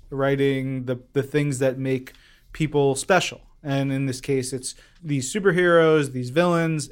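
A man co-hosting a casual podcast chat, telling stories with animated enthusiasm. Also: mid-range voice. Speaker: podcast co-host reviewing comics.

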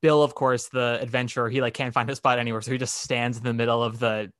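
A man co-hosting a casual podcast, telling a story with lively acted-out quotes. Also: medium pitch, fast talker, clean tone, dry recording, studio quality. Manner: animated storytelling, acting out quotes. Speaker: podcast co-host.

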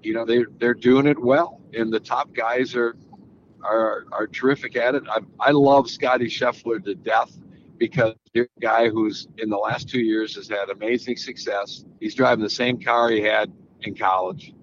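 Older man, rambling relaxed golf talk. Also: mid-range voice, normal speed. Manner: relaxed, rambling with frequent restarts. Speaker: golf analyst guest. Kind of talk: casual interview answers. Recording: slightly dull audio with faint background noise.

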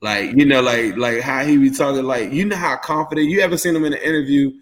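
A man co-hosting a casual sports podcast, his talk loose and rambling with plenty of fillers. He sounds tired and jet-lagged, his voice sitting at an ordinary middle pitch. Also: quick pace. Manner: rambling, animated, lots of fillers. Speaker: podcast co-host.

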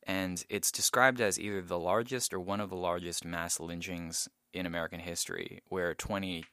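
A man co-hosting a podcast, talking thoughtfully with many pauses and ums. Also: low-pitched, steady tone, sharp tone, smooth, no echo, clean studio sound. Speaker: podcast co-host. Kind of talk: casual discussion.

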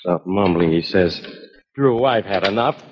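A man's voice: mid-range voice, very animated, measured pace, slight background noise. An actor playing a sarcastic male police sidekick who grumbles and mockingly repeats his partner's words, in 1940s radio acting. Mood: grumbling. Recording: dull old radio recording.

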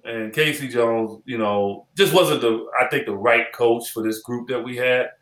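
Now with a bright, mid-range voice and a slightly slow pace, the former basketball player and analyst tells stories as a podcast guest. He animatedly acts out dialogue and repeats phrases, in a roomy, echoey recording.

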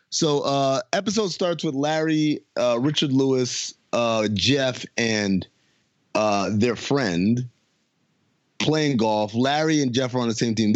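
A man in casual podcast conversation, animated and playful as he retells scenes and tosses questions to his co-hosts. His voice sits in a middle register. The recording is dry and a little muffled. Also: medium pitch, takes it slowly, no room sound. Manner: animated, laughing, jokey storytelling. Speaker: podcast host. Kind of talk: casual chat recapping a TV episode.

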